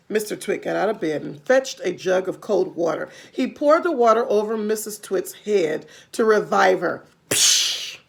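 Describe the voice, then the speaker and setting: Animated woman reading a children's storybook. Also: mid-range voice, normal speed, vocal fry, hardly any pauses. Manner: expressive, adds gasps and asides. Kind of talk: children's storybook read-aloud.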